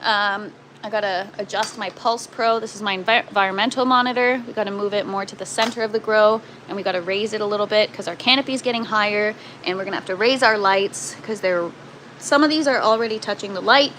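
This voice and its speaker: A woman's voice: medium pitch, fast, fairly bright tone, a little hiss or hum, poor audio. A Canadian woman casually hosting a gardening livestream from an indoor grow tent, chatting and answering viewer comments. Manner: chatty, self-deprecating, reads out viewer comments.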